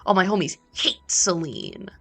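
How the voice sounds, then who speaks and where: A woman's voice: fairly low pitch, huge pitch swings, moderate pace, vocal fry, breathy edge. A woman streaming a cozy game, chatting playfully with joking asides and casual swearing. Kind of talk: casual gameplay chat.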